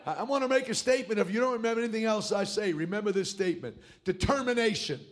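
A man, a pastor preaching a fiery revival sermon in a church, shouting and calling out hallelujah. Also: high-pitched, quick pace. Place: church sanctuary.

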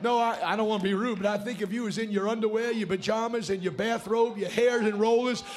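A man, a pastor preaching a fiery revival sermon in a church, shouting and calling out hallelujah. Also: sits high, steady tone, fast talker, a little hiss or hum. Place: church sanctuary.

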